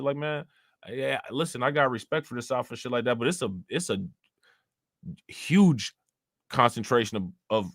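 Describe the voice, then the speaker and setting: A man's voice: mid-range voice, lively intonation, normal speed, fairly bright tone, no echo, studio quality. A young man hosting a live stream, chatting in a loose, rambling and profane way while answering his chat. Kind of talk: casual live-stream commentary.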